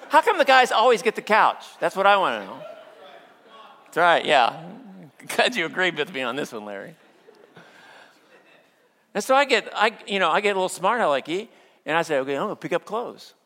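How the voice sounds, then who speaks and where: A middle-aged male pastor preaching a sermon, telling stories with playful humor and acting out quotes, then slowing down for earnest points. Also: sits high, very animated, pushed and bright. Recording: long hall reverb.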